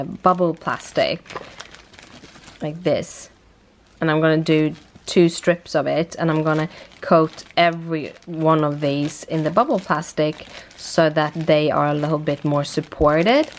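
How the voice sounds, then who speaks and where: A woman's voice: low voice, steady tone, measured pace, slight background noise. A tired young woman vlogging casually at home, chatty and rambling, with a British-tinged accent. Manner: rambling, self-correcting, chatty. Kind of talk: casual vlog chat.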